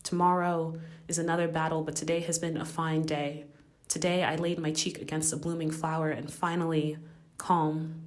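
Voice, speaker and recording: Low, flat-voiced young woman poet. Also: normal speed. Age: young adult. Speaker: spoken word poet. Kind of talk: spoken word poetry.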